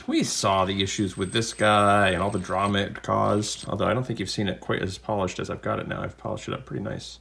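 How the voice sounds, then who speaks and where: A low-pitched man talks casually to his camera at home. He rambles a little and tosses in jokey asides while he unboxes gear and tastes a beer. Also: fairly even intonation, a little fast, gravelly, few pauses, fairly bright tone, a little hiss or hum. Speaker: unboxing video host.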